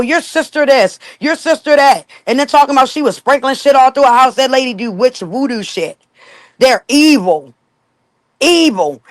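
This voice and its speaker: Blunt high-voiced woman gossiping. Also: no room sound. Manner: blunt, profane, storytelling. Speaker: gossip guest. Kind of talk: casual gossip chat.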